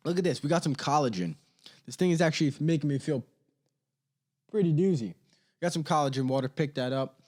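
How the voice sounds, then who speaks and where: A man's voice: on the high side, animated, fairly quick, pauses often, darkish tone. A young man hosting a casual comedy podcast alone, rambling in slang and laughing often at his own stories. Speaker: podcast host. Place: home studio. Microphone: studio mic.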